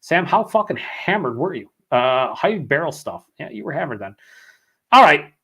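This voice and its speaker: A young man with a fairly high voice hosts a live beer stream. He rambles, swears freely and reads viewer comments aloud. His voice sounds worn after hours of talking. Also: sing-song, normal speed, pushed and bright, breathy edge. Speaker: beer vlog host. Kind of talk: casual live-stream chat.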